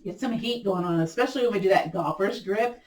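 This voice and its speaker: A woman teaching a gentle yoga class, giving encouraging, chatty cues and repeating them often, her voice cracking a little. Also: medium pitch, brisk, roomy sound, distant mic. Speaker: yoga instructor. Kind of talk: guided yoga class instruction.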